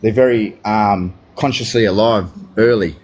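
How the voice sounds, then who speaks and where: A man's voice: on the low side, moderate pace, darkish tone. Slangy Australian man, casual chat. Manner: slangy, peppers speech with "mate" and "you know what I mean".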